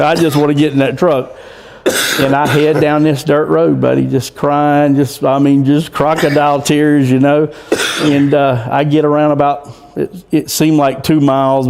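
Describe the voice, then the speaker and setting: Gravelly folksy storytelling man. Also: medium pitch, darkish tone. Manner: folksy, rambling, with many restarts. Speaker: guest, coon hunter. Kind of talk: casual storytelling in interview.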